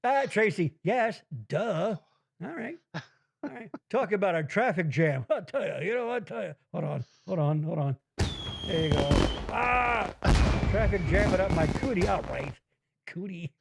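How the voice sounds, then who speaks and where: A high, lively man's voice hosting a casual comedy podcast from a basement. He rambles through gripes and chat comments and swears freely. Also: normal speed, creaky, heavy background noise. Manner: profane, animated, rambling, reads chat comments aloud. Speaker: podcast host. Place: home basement.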